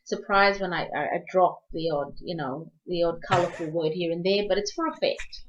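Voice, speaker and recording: A woman's voice: on the low side, lively intonation, moderate pace, a little hiss or hum. A woman hosting a casual interview, effusive and affirming, full of praise for her guest. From Australia. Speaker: interview host. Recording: slightly dull lo-fi audio.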